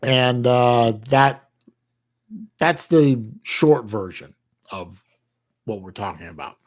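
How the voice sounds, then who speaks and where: A middle-aged American man with a mid-range, animated voice hosts a livestream, reading and casually chatting with his chat. He speaks haltingly, restarting often and using folksy slang.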